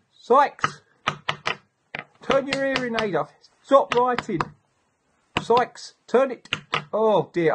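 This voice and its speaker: A fussy, exasperated schoolteacher, put on by a man for a comedy sketch. He talks in a slow, drawn-out way, bossing the class and breaking into sudden shouts. The voice sits a touch higher than usual. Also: background noise, full character voice. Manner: bossy, fussing, slow deliberate delivery with sudden shouts. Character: fussy, exasperated male schoolteacher running an exam.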